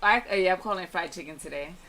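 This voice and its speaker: Low-voiced woman explaining her food. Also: rapid-fire, very noisy. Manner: plain, matter-of-fact explaining. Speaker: guest, vegan restaurant owner. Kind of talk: casual interview answers. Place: radio studio.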